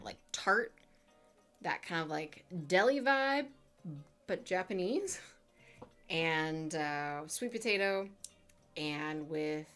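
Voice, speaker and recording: A woman's voice: low voice, fairly bright tone. A woman in her twenties chatting casually with her live chat as a streamer, full of fillers and playful asides.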